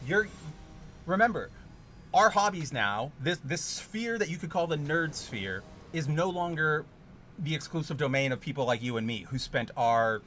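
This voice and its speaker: Guy ranting on his stream, swears a lot, voice jumps all over, kinda high, little hiss in the back. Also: animated, moderate pace. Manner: profane, exasperated ranting with loud outbursts. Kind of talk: casual livestream chat while playing a card game.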